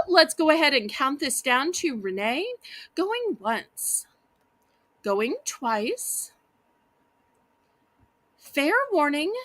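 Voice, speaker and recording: A woman's voice: high-pitched, pushed and bright, no room sound. A woman with a Southern US accent hosting a live online auction, chatting in a folksy way and talking straight to her viewers. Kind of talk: live-stream auction selling.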